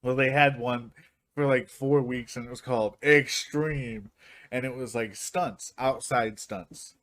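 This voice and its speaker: A man's voice: mid-range voice, fairly even intonation, unhurried, fairly bright tone. A young man co-hosting a podcast, telling stories in casual chat, laughing often and swearing freely. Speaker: podcast co-host.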